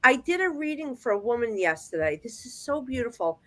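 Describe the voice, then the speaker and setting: A woman with a slightly raised voice tells her readings as a medium in a chatty, animated flow, often restarting her sentences as she goes. She speaks over a video call. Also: a little high, a little fast. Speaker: psychic medium guest. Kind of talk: casual storytelling chat.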